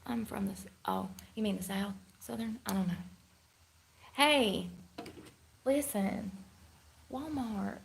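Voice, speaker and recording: Candid rambling woman with a creaky voice. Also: medium pitch, slow pace, pauses often, slight background noise, poor audio. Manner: laughs often. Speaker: live streamer. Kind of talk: casual live-stream chat.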